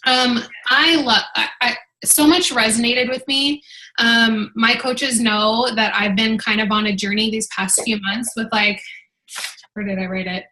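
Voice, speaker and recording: A woman's voice: fairly high pitch, steady tone, unhurried, sharp tone, rough recording. A woman in her thirties hosting a team video call, chatting casually and rambling with many fillers. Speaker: team leader and host.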